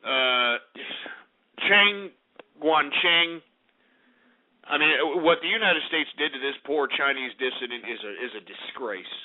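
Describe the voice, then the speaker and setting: A man's voice: on the high side, expressive, unhurried. A man hosting a call-in radio show, ranting angrily and cursing as he takes calls. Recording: narrow phone-like lo-fi radio.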